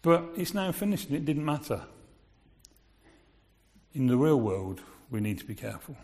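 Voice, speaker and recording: A man's voice: medium pitch, very animated, normal speed, warm tone. A man giving a sermon in a conversational way, asking his listeners rhetorical questions. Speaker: preacher. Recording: long reverb of a large hall.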